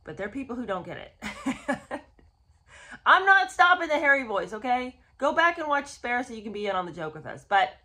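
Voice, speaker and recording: A woman hosts a casual book review show in a bright, forceful voice. Her pitch swings widely as she talks. She is sarcastic and exasperated in her asides. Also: sing-song, brisk. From United States. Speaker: host.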